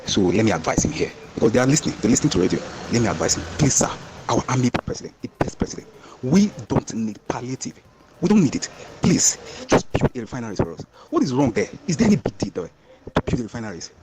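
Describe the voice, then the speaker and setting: A man's voice: medium pitch, sing-song, fast talker, very noisy. A Nigerian man calling into a radio show, pleading again and again. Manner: pleading, repetitive. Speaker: radio caller. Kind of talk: pleading call-in.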